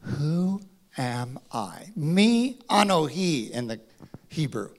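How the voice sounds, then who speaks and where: A man preaching a sermon, acting out dialogue in a dramatic voice that drops to a hush and rises to a shout. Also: fairly high pitch, sing-song, slow pace. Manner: dramatic, acts out voices, swings from hushed to shouting. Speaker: pastor.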